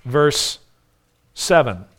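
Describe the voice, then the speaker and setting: A man's voice: mid-range voice, animated, extremely slow, a bit bright. A man preaching a sermon, emphatic and full of rhetorical questions, often repeating his phrases. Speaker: pastor.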